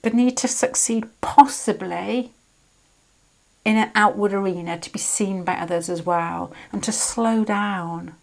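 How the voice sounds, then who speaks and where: A woman's voice: mid-range voice, measured pace, gravelly. A British woman giving a casual, rambling tarot reading, often breaking off and restarting her sentences. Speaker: tarot reader.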